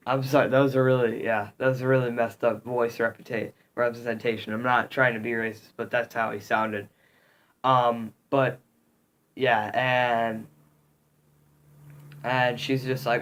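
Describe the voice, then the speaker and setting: A man vlogging to camera, telling a story in a rambling, halting way with lots of fillers, upset and indignant. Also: medium pitch, fairly even intonation, fairly bright tone. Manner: rambling, halting, heavy on "um" and "literally".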